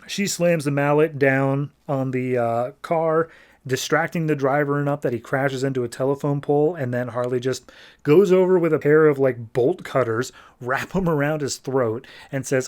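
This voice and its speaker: A man's voice: normal speed, darkish tone. A man hosting a podcast, recapping a comic issue in a loose, rambling way with plenty of fillers. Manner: briefly shifts pitch for quoted characters. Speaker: podcast host. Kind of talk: casual comic book recap.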